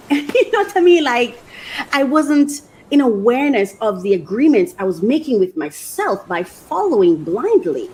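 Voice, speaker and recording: A woman hosting a podcast and chatting casually about things she bought, talking in an animated way and laughing often. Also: medium pitch, slight background noise, low-quality recording. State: emotional, near tears. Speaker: podcast host. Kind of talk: casual unboxing chat.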